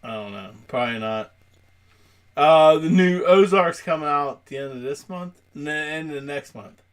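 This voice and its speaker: A man's voice: on the high side, moderate pace, clear, resonant tone. A man co-hosting a podcast, chatting casually in loose, profane banter and laughing often. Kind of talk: casual chat.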